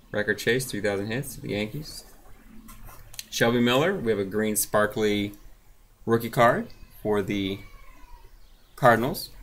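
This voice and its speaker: A man's voice: on the low side, fairly bright tone, a little hiss or hum. A man casually narrating as he opens trading card packs, reading off names and teams with laid-back asides. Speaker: card collector opening packs. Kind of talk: casual running commentary.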